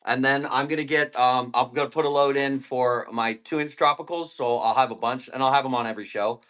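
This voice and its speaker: A man's voice: mid-range voice, steady tone, brisk, fairly bright tone. Laid-back man rambling on a plant livestream. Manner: rambling, laid-back, eating while talking. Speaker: live-stream plant seller. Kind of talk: casual live-stream chat.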